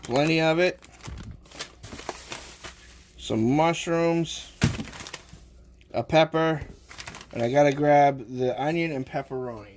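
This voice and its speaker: A man's voice: a little high, slow pace, long pauses, a little mellow, slight background noise. A man with a Boston accent casually chatting on a cooking livestream while he works the dough. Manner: rambling, chatty, talking while working. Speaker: livestream host.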